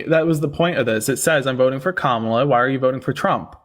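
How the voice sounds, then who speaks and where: A man's voice: fairly high pitch, fast talker, few pauses. A man hosting a livestream debate, talking casually with a sarcastic, incredulous edge.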